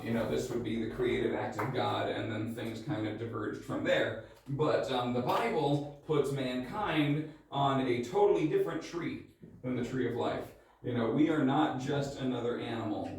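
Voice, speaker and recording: A man's voice: medium pitch, darkish tone. A man teaching a church class, talking casually with lots of "um" and restarts. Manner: casual, many fillers and restarts. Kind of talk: classroom lecture. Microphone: mic far from the speaker. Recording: very echoey room, distant mic.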